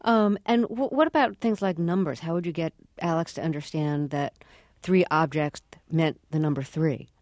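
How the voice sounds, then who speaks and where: An interviewer asking measured, slightly halting questions. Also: mid-range voice, darkish tone, no echo, clean studio sound.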